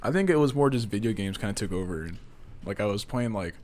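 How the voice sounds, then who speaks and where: Low-voiced, rambling young man chatting. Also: animated, fast, darkish tone. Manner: rambling, self-deprecating, easygoing. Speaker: podcast guest. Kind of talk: casual chat.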